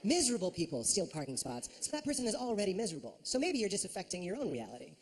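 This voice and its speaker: A male stand-up comedian on stage with a very lively, swooping delivery. He jumps into high shrill voices for his impressions. The recording carries noticeable background noise from the live room. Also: very fast.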